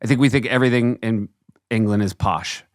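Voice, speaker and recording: A man's voice: fairly low pitch, a little fast, no room sound, studio quality. An American man co-hosting a podcast, asking curious questions and laughing easily. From United States. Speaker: podcast co-host. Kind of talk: casual chat.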